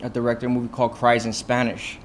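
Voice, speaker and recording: A man's voice: mid-range voice, monotone, quick pace, a little hiss or hum. A man, a film director, telling stories from his shoots in a loose, casual way, with lots of "like", "you know" and swearing. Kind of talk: casual podcast storytelling.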